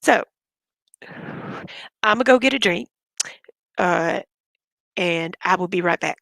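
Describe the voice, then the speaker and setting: A woman livestreamer with a lowish, creaky, slightly bright voice speaks slowly, recorded with no room sound. Sick with covid and short of breath, she rants bluntly in a casual stream, fired-up and swearing a lot.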